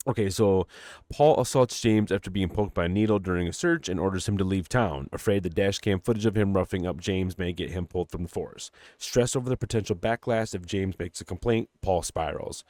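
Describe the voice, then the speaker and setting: A middle-aged man co-hosting a podcast, retelling a movie plot in an animated, profane way. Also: sits low, a little fast, dry recording, clean studio sound. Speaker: podcast co-host. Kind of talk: casual movie discussion.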